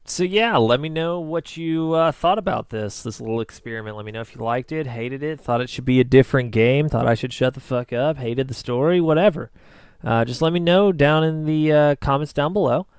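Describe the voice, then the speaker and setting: A man's voice: medium pitch, fairly quick, smooth, no echo, clean studio sound. Profane young man telling a story. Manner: profane, self-mocking, animated retelling. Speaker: vlogger. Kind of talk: casual storytelling.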